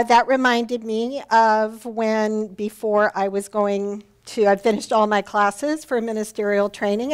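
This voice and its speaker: A woman's voice: medium pitch, clear, resonant tone. A woman minister giving a Sunday sermon, telling a personal story in a heartfelt, earnest way. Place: church sanctuary.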